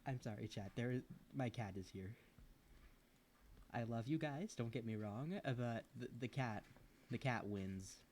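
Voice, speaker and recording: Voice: medium pitch, measured pace, a little mellow, a little hiss or hum. A young adult streamer at home, rambling in casual chat while gaming, swearing freely and poking fun at themself.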